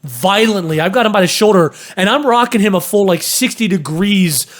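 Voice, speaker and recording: A young man co-hosting a casual podcast, telling stories in an animated way and swearing freely. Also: high-pitched, fairly quick. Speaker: podcast co-host.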